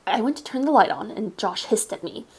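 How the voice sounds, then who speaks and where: A woman streamer reading a story aloud live, at a middling pitch for a woman. Her storytelling is steady and measured, and she breaks off now and then for a casual aside. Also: slightly rough. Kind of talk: live read-aloud narration.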